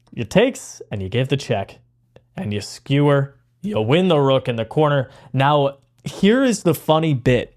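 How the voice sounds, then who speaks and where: A young man giving casual, rambling commentary on his own chess game, excitable and full of fillers. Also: mid-range voice. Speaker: chess content creator.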